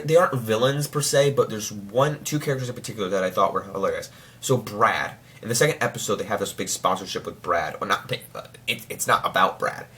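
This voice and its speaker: A young man in casual chat, reviewing a TV show with lots of restarts and fillers, now and then breaking into mock voices. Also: lowish voice. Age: young adult. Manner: rambling, many restarts and filler words; excitable, slips into mock voices.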